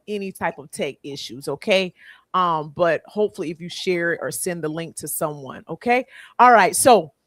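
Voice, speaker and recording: Lively woman hosting a podcast. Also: on the low side, dry recording. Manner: lively, laughing, reads out viewer comments. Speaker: podcast host. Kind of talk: casual livestream podcast chat.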